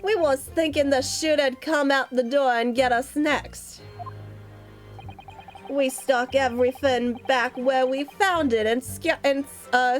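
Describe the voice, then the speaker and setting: Woman doing shifty Cockney petty crooks. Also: high voice. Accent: Cockney put-on. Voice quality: rough street slang. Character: two scrappy Cockney brothers, petty thieves.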